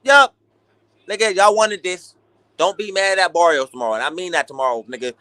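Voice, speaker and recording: A young man hosting a boxing talk stream, ranting in an animated, profane, casual way. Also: sits high, a little fast, no echo. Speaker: boxing talk show host. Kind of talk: casual livestream rant.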